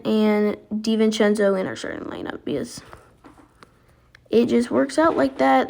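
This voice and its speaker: A woman giving casual, excitable commentary while playing a basketball video game, reacting aloud as she goes. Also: fairly high pitch, creaky. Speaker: gaming video creator.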